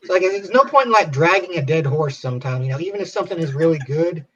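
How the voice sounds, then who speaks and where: Laid-back man co-host, slightly high voice, muffled lo-fi sound. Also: expressive, quick pace, fairly bright tone, a little hiss or hum. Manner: laid-back, filler-heavy. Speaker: podcast co-host. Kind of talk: casual chat. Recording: dull lo-fi sound.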